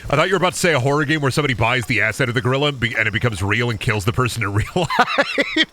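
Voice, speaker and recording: A man streaming a game, chatting casually in an animated, joking, crude way. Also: mid-range voice, racing, a little hiss or hum. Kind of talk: casual gaming stream chat.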